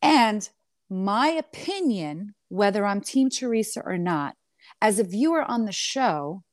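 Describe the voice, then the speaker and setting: A woman reality TV star in an interview, telling her side of a clash in a sassy, animated way and calling the listener honey. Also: mid-range voice, measured pace, dry recording, clean studio sound. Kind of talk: candid storytelling interview.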